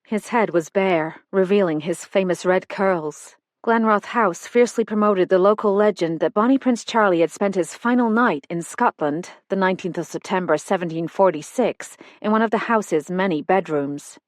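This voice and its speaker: A woman reading a first-person mystery novel aloud in an even, measured style. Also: medium pitch, no echo, clean studio sound. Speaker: audiobook narrator. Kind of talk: first-person scripted narration.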